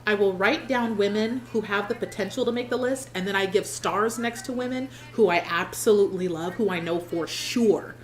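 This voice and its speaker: A woman's voice: medium pitch, normal speed, hardly any pauses, faint music behind. Sassy woman doing pageant reaction commentary. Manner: sassy, playful, laughs often.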